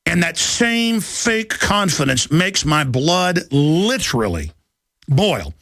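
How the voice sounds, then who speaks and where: This thirty-something Texas radio host rants about politics with loud passion, imitating his opponents in mocking voices. His fairly high voice is very animated yet slow-paced, and the audio has no room sound.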